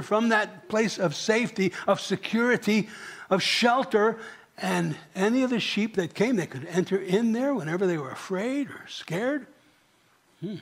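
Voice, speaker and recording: A pastor preaches a sermon in church with a high-pitched, fairly bright voice. He keeps it conversational, talking with the congregation and asking them questions.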